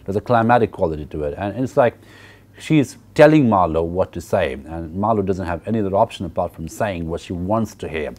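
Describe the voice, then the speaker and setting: Deep-voiced man giving a literature lecture. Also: animated, fairly quick, darkish tone. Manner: explanatory, checks in with "okay" and "right"; hesitant fillers and repeated words. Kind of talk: recorded university lecture.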